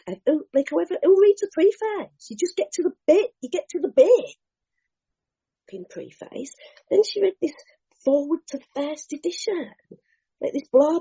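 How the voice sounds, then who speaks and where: A woman sharing her recovery story at a meeting, candid and lively, acting out scenes with slang and the odd swear. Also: high voice. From Bristol, England. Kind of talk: animated personal storytelling. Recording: dull lo-fi meeting recording.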